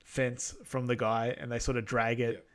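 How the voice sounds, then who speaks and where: A man's voice: mid-range voice, flat delivery, moderate pace, clean tone. A man co-hosting over an online call, retelling film scenes in an easygoing way with many ums. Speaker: podcast co-host. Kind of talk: casual movie recap narration.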